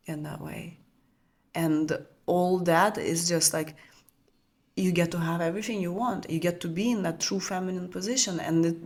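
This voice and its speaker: Coaching women spiritually in a close, intimate talk, this woman, whose first language is Russian, has a lowish, gravelly voice. She speaks gently and fluidly, often dropping to almost a whisper while hunting for words and repeating them.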